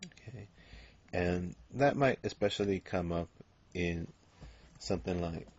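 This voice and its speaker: Deep, slow-talking man teaching grammar. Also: darkish tone, muffled recording. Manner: explains step by step, with many ums and okays. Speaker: Spanish teacher. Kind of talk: recorded grammar lecture.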